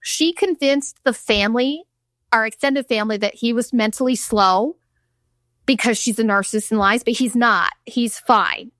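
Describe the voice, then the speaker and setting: A woman's voice: fairly high pitch, normal speed, fairly bright tone, no echo, clean studio sound. A woman in her thirties hosting her own show, telling a personal story bluntly, with profanity and acted-out quotes. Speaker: podcast host. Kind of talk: candid storytelling monologue.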